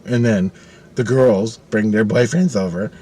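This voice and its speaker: A man's voice: on the low side, a little slow, a little hiss or hum. A middle-aged man telling a personal story casually, swearing often and acting out the voices he quotes. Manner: profane, animated, acts out quoted voices.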